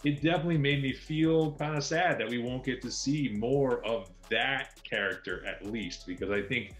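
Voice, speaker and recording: A man's voice: medium pitch, normal speed, reverberant, soft background music. A man co-hosting a film podcast, giving long, enthusiastic explanations in casual chat.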